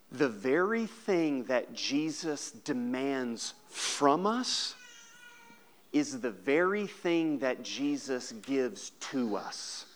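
A male pastor delivering a sermon in a mid-range voice. He swells loud and high to press a point home, then drops to a soft, low hush for storytelling. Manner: preaching, rising loud and high on key points, dropping soft and low when telling a story.

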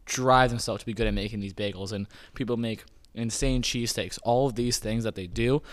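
A podcast host with a fairly low, fairly even voice talks fairly quickly. He explains things in a loose, rambling way, often leaning on "kind of" and "like" in this casual informational talk.

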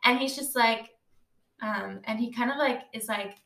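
Young woman, slightly high voice, casual recap chatter full of "like" and quoted lines, roomy echo. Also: normal speed, vocal fry, sharp tone. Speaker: co-host of a TV recap chat. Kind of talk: casual chat. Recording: echoey room.

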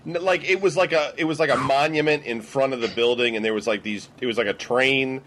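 A man's voice: mid-range voice, fairly quick, fairly bright tone. A man steering the podcast chat with questions about childhood food. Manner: questioning, interviewer-like. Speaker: podcast co-host. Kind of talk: casual chat.

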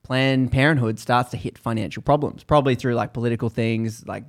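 A man's voice: mid-range voice, fairly even intonation, fairly quick. A man casually retelling a story to a co-host, chatty and full of fillers.

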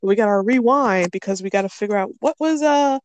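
A woman's voice: mid-range voice, brisk, a little hiss or hum. A woman in casual chat recapping a TV episode, playful, quoting the characters and laughing often. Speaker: podcast co-host recapping a TV episode.

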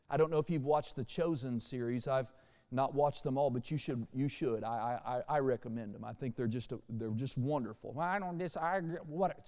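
A man preaching a sermon as pastor, animated, shifting between quiet and loud passages. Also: medium pitch, long reverb tail. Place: church sanctuary.

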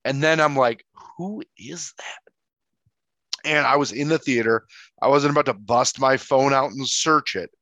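A man's voice: medium pitch, normal speed, pushed and bright, no room sound. A man co-hosting a podcast, telling stories and teasing in casual movie talk. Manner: chatty, storytelling, teasing. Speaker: podcast co-host. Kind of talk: casual movie review chat.

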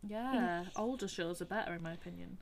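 A woman's voice: lowish voice, brisk, creaky, a little hiss or hum. A woman artist in casual chat who agrees readily and rephrases her points as she talks.

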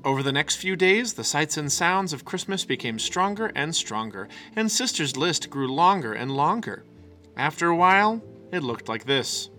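A man reading a children's picture book aloud with an expressive, animated delivery. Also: a little high, moderate pace, faint music behind. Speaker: storyteller.

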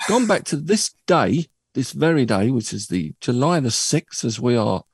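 A man hosting a casual radio show, his voice sitting at an ordinary middle pitch. He banters and jokes in a loose, rambling way with plenty of filler words. The studio sound is dry and close, with no room echo. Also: sing-song, moderate pace, husky. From United Kingdom. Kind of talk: casual banter between co-hosts.

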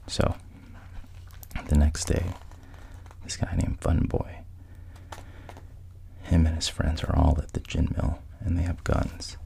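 A man's voice: very deep voice, flat delivery, takes it slowly, vocal fry, long pauses, warm tone, slight background noise. A man casually retelling a film's plot, quoting the characters in his own voice and often sinking to a whisper. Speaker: storyteller retelling a film plot.

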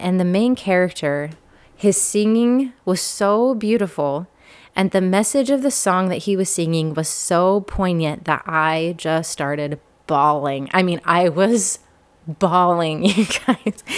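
Host in her thirties, slightly low voice, candid and self-deprecating personal storytelling. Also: a little slow, smooth.

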